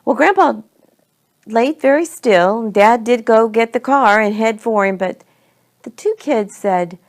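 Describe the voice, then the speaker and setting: A woman telling a homey family story in an unhurried, conversational way. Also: on the high side, animated. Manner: homey, unhurried, slips between we and they. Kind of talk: storytelling to children.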